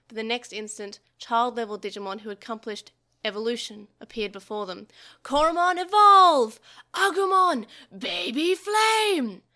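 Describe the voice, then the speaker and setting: A woman's voice: mid-range voice, a bit bright. A woman podcast host reading a translated novel aloud, expressively, with small slips.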